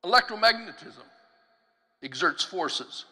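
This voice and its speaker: A man with a high, bright, ringing voice delivers a teaching sermon in a church sanctuary. He tells animated stories, laughs between phrases and acts out the people he quotes. His voice carries a long hall reverb. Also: a little slow. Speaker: preacher.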